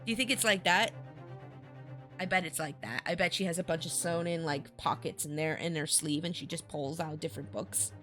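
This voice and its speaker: A woman's voice: low voice, fairly even intonation, brisk, fairly bright tone, faint music behind. A woman streamer giving playful, chatty live commentary while playing a game.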